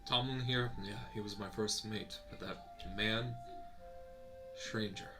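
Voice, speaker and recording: A man's voice: lowish voice, steady tone, takes it slowly, music in the background. A man playing a ship's captain in a tabletop game, speaking plainly. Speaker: player. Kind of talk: tabletop role-play.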